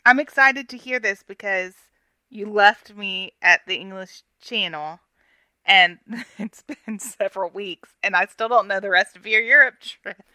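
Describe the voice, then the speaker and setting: A woman's voice: mid-range voice, unhurried, bright, forceful tone, no room sound. A woman co-hosting a casual chat who gives short reactions and laughs often. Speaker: podcast co-host.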